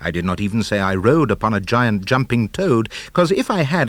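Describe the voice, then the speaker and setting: A man narrating a children's book of comic verse, animated, theatrical and rhythmic. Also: fairly low pitch, normal speed, hardly any pauses, faint music behind. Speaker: audiobook narrator. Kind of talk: expressive storybook verse reading.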